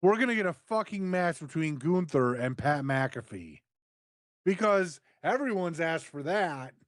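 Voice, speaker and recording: A man co-hosting, recapping events in a sarcastic, profane tone. His voice is slightly high and swings around a lot, and it sounds dry and close. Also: big pitch swings, measured pace, no echo. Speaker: podcast co-host. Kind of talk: casual recap narration.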